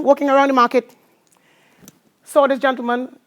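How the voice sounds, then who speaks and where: Before a live audience, a Trinidadian-accented motivational speaker tells her story with animation and invites call-and-response. Her voice is a little high, at a moderate pace.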